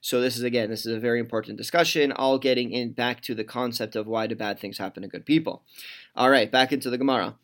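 A man's voice: mid-range voice, steady tone, fast talker, fairly bright tone. Man teaching a Talmud class. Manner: reads Aramaic lines then explains in English; conversational with fillers and restarts. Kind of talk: Talmud study class, reading and translating.

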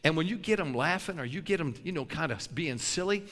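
An older man preaching a sermon, a lively storyteller who laughs between his lines. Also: a little high, brisk, big-room sound.

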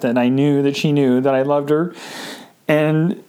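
A man hosting a podcast, telling a personal story in a halting, emotional way with many restarts, grieving and tearful. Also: mid-range voice, flat delivery, dark tone, smooth. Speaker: podcast host.

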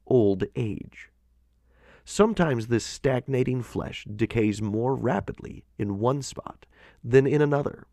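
Slow, expressive male audiobook narrator. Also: mid-range voice, gravelly, no echo, clean studio sound. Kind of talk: scripted devotional audiobook narration.

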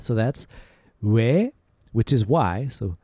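A man hosting a language-lesson podcast, easygoing and clear, repeating short phrases slowly for learners. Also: medium pitch, animated, mellow, no room sound, clean studio sound. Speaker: Korean language podcast host.

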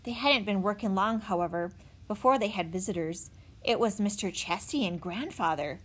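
A woman narrator reads a children's chapter book aloud, expressive and animated, as a storybook read-aloud. Her voice is mid-range and her pace moderate.

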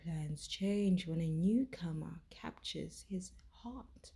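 A woman's voice: deep voice, slow, warm tone, exaggerated voice. A woman whispering as a refined British society gossip lady. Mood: hushed. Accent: put-on British. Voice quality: breathy whisper. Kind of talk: whispered role-play.

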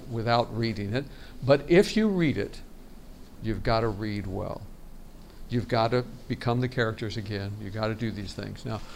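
A man teaching a workshop on storytelling in a relaxed seminar style, talking casually and often restarting his sentences. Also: mid-range voice, a little hiss or hum. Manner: chatty, frequent restarts and laughs. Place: conference meeting room.

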